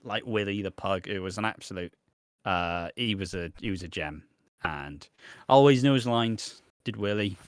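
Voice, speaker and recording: A man's voice: lowish voice, a bit bright, clean tone, no room sound, studio quality. A man co-hosting a podcast, rambling in casual chat with lots of restarts and the odd swear. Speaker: podcast co-host.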